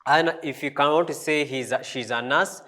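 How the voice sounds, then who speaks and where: A man teaching a French lesson, repeating each phrase slowly and spelling out the pronunciation. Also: a little high, pushed and bright. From Africa. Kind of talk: language lesson.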